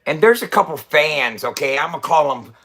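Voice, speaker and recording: This middle-aged website founder's rant to camera is casual and profane, full of swearing and coughs between lines. His fairly high, expressive voice is a bit bright and keeps a moderate pace.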